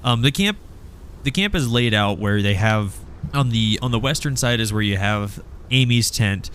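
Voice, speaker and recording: A man narrating as game master of a tabletop role-playing game, halting and restarting often. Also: lowish voice, animated, a bit bright, slight background noise.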